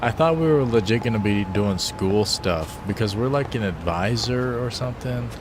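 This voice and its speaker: A man's voice: on the low side, expressive, moderate pace, noisy background. A man joking loosely in slang while live-streaming a game. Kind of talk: casual live-stream commentary.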